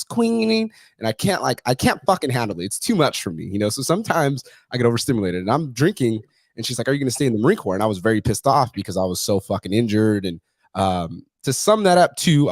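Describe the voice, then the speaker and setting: A man's voice: fairly low pitch, no echo. A man hosting a podcast, telling stories in a casual, blunt way full of swearing and acted-out quotes. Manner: profane, blunt, swears constantly; acts out other voices in his stories. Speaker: podcast host. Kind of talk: casual storytelling chat.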